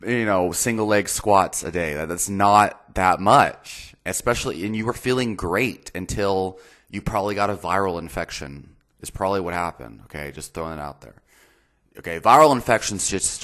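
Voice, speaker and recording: A man with a very low voice, talking casually as the host of a fitness and nutrition channel. He is blunt and openly exasperated, and he swears freely as he picks apart a viewer's message. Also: a bit bright.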